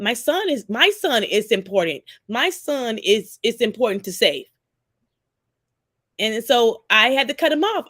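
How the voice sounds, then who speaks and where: Emphatic woman in her forties, bright voice. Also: on the high side, no room sound. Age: 40s. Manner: emphatic, repeats herself, swears freely. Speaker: panelist. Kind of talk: casual discussion.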